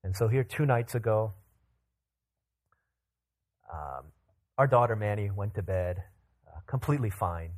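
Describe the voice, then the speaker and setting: Animated low-voiced male preacher. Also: measured pace, pauses often. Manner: animated storytelling, acts out quotes in bursts. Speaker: pastor. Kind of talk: sermon.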